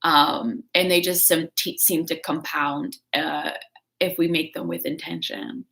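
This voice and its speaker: A woman's voice: deep voice, unhurried, a bit bright. A woman giving casual motivational talk on a livestream, chatty and coaching, reading out viewer comments. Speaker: fitness creator.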